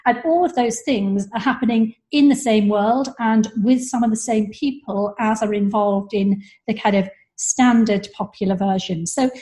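A woman historian answering interview questions fluently from her flat, with a few fillers. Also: mid-range voice, normal speed, hardly any pauses. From England. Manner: articulate, fluent, some fillers. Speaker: historian guest. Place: high-rise flat at home.

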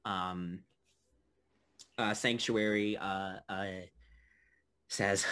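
A man narrating as game master of a tabletop game, halting and loose, with many fillers. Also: mid-range voice, lively intonation, bright, forceful tone.

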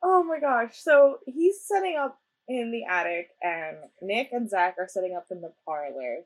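A woman's voice: on the high side, big pitch swings, moderate pace, rough recording. A young woman co-hosting a casual chat about a ghost-hunting show, playful and giggly. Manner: playful, giggly, acts out quotes. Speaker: podcast co-host.

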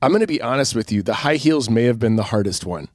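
A man's voice: medium pitch, lively intonation, fast, a little mellow, no room sound. Middle-aged man, podcast co-host, chatty and self-deprecating, dry close recording. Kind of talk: casual chat.

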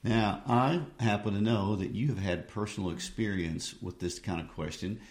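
A man hosts a discussion about a play, asking measured, prompting questions. His voice is very deep. The recording has a noticeable roomy echo. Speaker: host. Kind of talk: conversational interview.

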